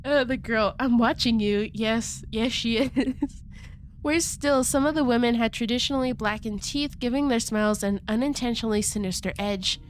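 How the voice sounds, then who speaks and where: Reading a game's text aloud at night, this woman streamer stays quiet, suppressing laughter and tossing in playful asides as she stumbles over words and comments casually. Her fairly high voice moves at normal speed over a little hiss or hum.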